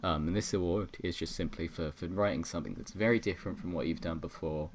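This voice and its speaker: A man's voice: sits low, fast, a little hiss or hum. A young man hosting a podcast over an online call, rambling and self-correcting as he hands out jokey awards. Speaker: podcast host presenting awards. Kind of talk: casual chat on an online call.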